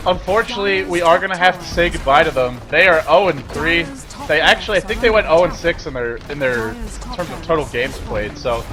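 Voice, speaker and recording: A man casting a live esports match, excitable and quick to shout and laugh. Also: fairly high pitch. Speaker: esports caster.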